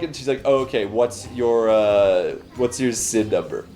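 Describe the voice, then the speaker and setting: A young man from Canada telling a story on a casual podcast. He swears easily, and he jumps in and out of the voices of the people he quotes. His voice sits at an ordinary middle pitch for a man. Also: moderate pace, warm tone. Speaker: podcast co-host.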